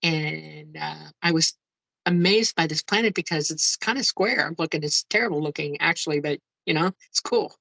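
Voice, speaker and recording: A woman guest recounts her experience in casual, eager storytelling, her voice lowish and full of gravelly fry. She exclaims often and laughs through her account. The sound is close and dry, with no room around it. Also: moderate pace, bright, forceful tone, no room sound, poor audio. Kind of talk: casual first-person storytelling.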